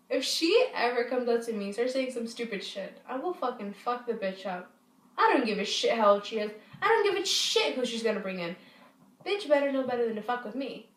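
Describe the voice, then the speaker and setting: A woman with a fairly high voice rambles through a storytime full of swearing and false starts. She sits back from the mic, so her voice carries a roomy echo. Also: recorded from a distance. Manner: rambling, profane, many restarts. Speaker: vlogger. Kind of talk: casual storytime. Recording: echoey room, voice off-mic.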